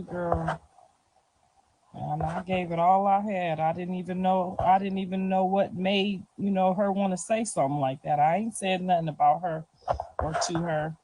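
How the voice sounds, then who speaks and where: A woman's voice: medium pitch, slight background noise, poor audio. Slangy, casual middle-aged woman. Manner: loose, slangy talk with frequent "you feel me" and soft laughs. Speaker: interviewee. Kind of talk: casual street interview.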